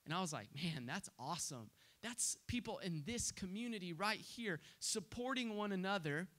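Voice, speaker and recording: Young adult male preacher, earnest storytelling sermon, voice a bit higher than most men. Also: a bit bright. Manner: earnest storytelling with frequent restarts. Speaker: pastor.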